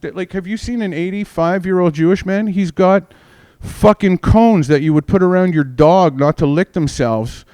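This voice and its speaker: A man's voice: high voice, normal speed, few pauses, a little mellow, clear, resonant tone. A man in his forties doing a stand-up comedy set, rambling and profane, constantly mocking himself. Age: 40s.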